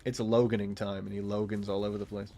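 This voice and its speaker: A man's voice: fairly low pitch, little pitch movement, fast, mellow, a little hiss or hum. A man live-streaming a game, chatting casually with viewers in a rambling, self-interrupting way, laughing often and swearing freely. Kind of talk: casual chat with viewers while gaming.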